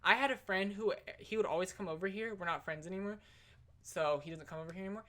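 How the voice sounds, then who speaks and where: A woman's voice: medium pitch, fast talker, fairly bright tone. A young adult woman telling stories for her vlog in a chatty, slangy way, full of "like" and "literally". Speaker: vlogger. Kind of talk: casual storytelling vlog.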